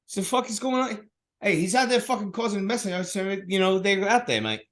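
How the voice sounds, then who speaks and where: A man's voice: sits high, expressive, fairly quick, fairly bright tone, voice pushed up. A man putting on a put-on Cockney accent, playing a rowdy, profane working-class bloke who rambles.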